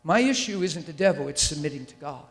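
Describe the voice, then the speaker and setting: Male preacher, high-ish voice, fiery and emphatic, long hall reverb on the mic. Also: expressive, a little fast. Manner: intense and emphatic, with rhetorical questions to the audience. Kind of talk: sermon. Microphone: handheld or stand mic.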